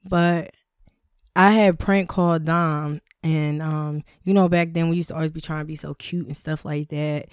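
A woman's voice: low voice, normal speed, smooth, no room sound, clean studio sound. A woman on a podcast telling a funny personal story in casual, profane chat, acting out what people said. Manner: animated storytelling, swearing, acting out quotes. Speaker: podcast co-host.

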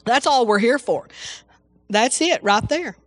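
A woman's voice: on the high side, lively intonation, measured pace, no room sound, studio quality. A woman preaching an informal sermon, exclaiming hallelujah often and restarting her sentences.

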